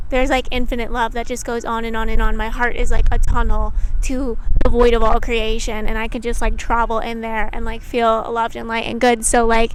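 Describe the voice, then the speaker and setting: With a voice on the high side, a young woman YouTube creator talks candidly to camera, rambling and reflecting in a casual way. "Like" comes up constantly, along with the occasional swear word. Slight background noise sits under her speech.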